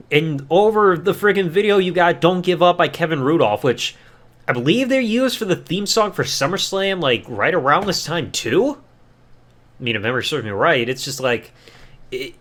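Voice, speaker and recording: Animated ranting male podcast host. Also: on the high side. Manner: animated, ranting, mocking voices. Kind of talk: casual review commentary.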